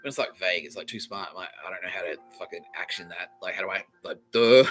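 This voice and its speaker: A man's voice: low voice, quick pace, few pauses, sharp tone, faint music behind, low-quality recording. Sweary rambling man. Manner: rambling, sweary, laughs at own jokes. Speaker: podcast host. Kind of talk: comedic storytelling monologue.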